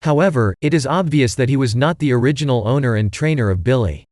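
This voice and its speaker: A man's voice: medium pitch, fast talker, a little mellow, no echo, studio quality, natural voice. A man reading an audiobook, voicing a clever teenage boy detective who speaks in precise, formal phrases. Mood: probing.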